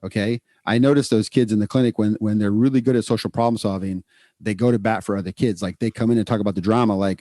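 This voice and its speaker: Low dark-toned guy on a podcast, chatty, does little voices for parents and kids, dry sound. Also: fast talker, no room sound. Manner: animated, acts out parent and child voices. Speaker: podcast host, clinician. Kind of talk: casual explanatory podcast talk.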